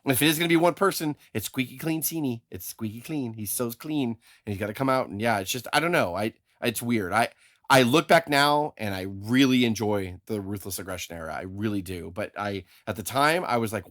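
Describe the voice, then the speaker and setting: A man's voice: medium pitch, animated, brisk, a bit bright, no room sound, clean studio sound. A man hosting a podcast, talking in a rambling, opinionated way with plenty of swearing. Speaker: podcast host. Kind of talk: casual podcast chat.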